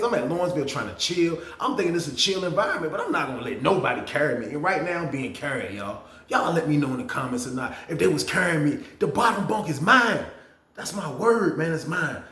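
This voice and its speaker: A man hosting a casual storytime, animated and profane, talking straight to his viewers. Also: on the high side, fairly quick, roomy sound. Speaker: storytelling channel host. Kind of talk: casual storytime about prison.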